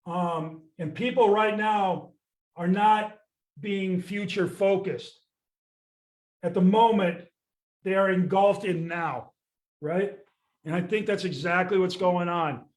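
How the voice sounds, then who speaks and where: A man's voice: high-pitched, fairly even intonation, slow pace. An older man, a real estate sales coach ranting bluntly and with exasperation, swearing casually in a podcast chat. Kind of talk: candid podcast rant.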